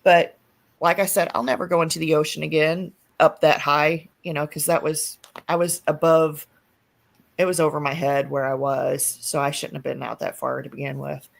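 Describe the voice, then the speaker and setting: A woman's voice: sits low, flat delivery, moderate pace, creaky. A woman hosting a livestream in casual chat, telling a story bluntly and with profanity. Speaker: livestream host. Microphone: streaming setup mic.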